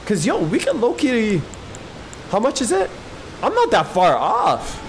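A male streamer giving excitable live gameplay commentary, swearing and talking to his chat from his PC. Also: high-pitched, a little slow, a little hiss or hum. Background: game music.

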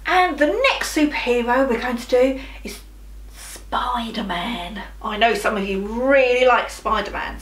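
A woman's voice: a little high, a bit bright, slight background noise. A woman, a primary school teacher, leading a children's drama game with playful sound effects and encouragement. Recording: roomy, voice from a distance, music behind.

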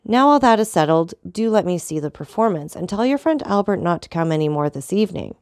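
Icy, unshakable count in a storybook reading, calm and ironic, crisp dry sound; a woman reads him. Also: fairly low pitch, a little fast, no echo. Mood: cool, disdainful. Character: cold, proud, unshakable male count.

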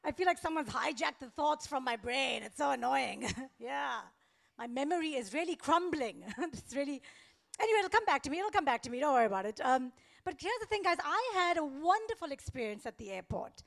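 Young woman doing standup, high voice with some gravel in it, deadpan fake-innocent storytelling. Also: brisk. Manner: deadpan, faux-naive storytelling with laughs. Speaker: stand-up comedian. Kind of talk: stand-up comedy set.

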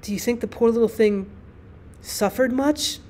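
A woman's voice: normal speed, a little mellow, a little hiss or hum, close to an everyday voice. A woman doing a fretful, tearful lady. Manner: anxious, pleading, shrill questions. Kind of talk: audiobook character reading.

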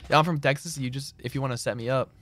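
A man's voice: medium pitch, racing, fairly bright tone. A man streaming a game, chatting casually in a loose, slangy, rambling way as he answers his chat. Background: keyboard clicks and typing.

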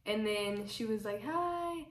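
A young woman tells a storytime in a chatty, rambling way, leaning on "like" as she acts out what others said. Her delivery stays flat and level. She sits back from the mic in a roomy, echoing space. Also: medium pitch, moderate pace, distant mic. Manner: chatty, fills with "like", acts out quotes. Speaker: vlogger. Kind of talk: casual storytime. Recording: roomy echo, voice away from mic.

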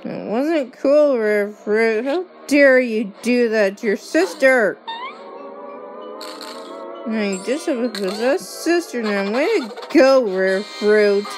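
Slow-talking excitable woman over game music. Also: a little high. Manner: excitable, alarmed outcries. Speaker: game commentator. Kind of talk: reacting to gameplay.

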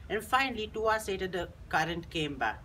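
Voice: medium pitch, animated, fairly quick, pushed and bright, a little hiss or hum, rough recording. A teenage student, telling a story in a chatty, rambling way with frequent restarts. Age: teens. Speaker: school student. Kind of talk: casual storytelling monologue.

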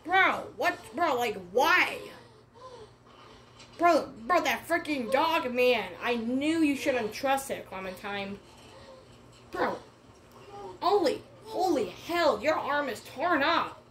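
A woman gamer does let's play commentary in a high voice, speaking slowly with long pauses. She's excitable and repetitive, calling everyone "bro" and "man" and shouting at the screen.

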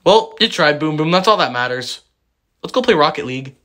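Guy doing a bratty mouthy kid, high sharp voice. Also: expressive, brisk. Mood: offhand. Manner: cursing, mocking. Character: young male bratty foul-mouthed prince.

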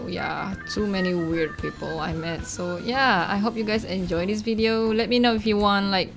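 A woman's voice: mid-range voice, moderate pace, creaky, faint music behind. A young woman hosting a casual gaming video, talking loosely with lots of fillers and frequent giggles. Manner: giggly, laughs often between remarks; loose, filler-heavy talk with "like" and "you know". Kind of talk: casual gameplay commentary.

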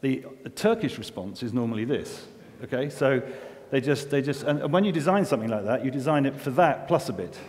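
A man's voice: medium pitch, lively intonation, brisk, darkish tone. A middle-aged man giving a conference talk, chatty and self-deprecating, with many restarts and asides. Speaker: environmental engineer giving a festival talk. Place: festival venue with long reverb. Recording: reverberant hall recording.

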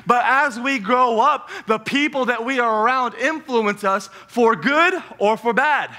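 Man, pastor, sermon in a church, bright edgy voice, casual and joking. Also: extremely high pitch, normal speed, few pauses. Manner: lively, conversational, jokes with the congregation. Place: church sanctuary.

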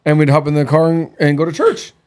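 Talking fast in a slightly high, level voice, the man in his thirties hosts a casual podcast chat. He shares frank, blunt stories and quotes what people said.

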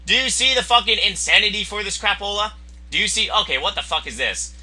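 High, bright, excitable young man gamer. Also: fast. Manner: excitable, crude, yelling at opponents. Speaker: gameplay commentator. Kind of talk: profane live gameplay commentary.

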